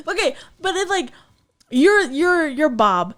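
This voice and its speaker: Lively woman retelling a story. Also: high-pitched, slow. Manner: animated storytelling, acts out voices, many fillers. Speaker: podcast co-host. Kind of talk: casual chat.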